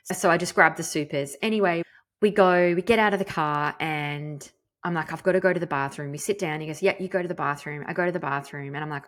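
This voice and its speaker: A woman's voice: low-pitched, fairly even intonation, quick pace. An Australian woman hosting a podcast, telling a personal story in a chatty, candid way with the odd casual swear. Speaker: podcast host.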